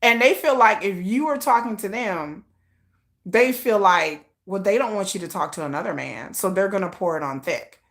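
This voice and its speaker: A woman hosting a casual livestream chat, telling stories in an animated way and acting out bits of quoted dialogue. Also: mid-range voice, moderate pace. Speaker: livestream host.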